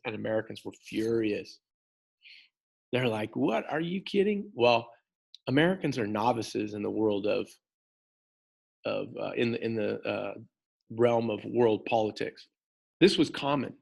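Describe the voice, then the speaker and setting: A man teaching a history lesson in an animated way, talking straight to his students and often repeating words as he goes. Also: medium pitch, vocal fry. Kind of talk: classroom lecture.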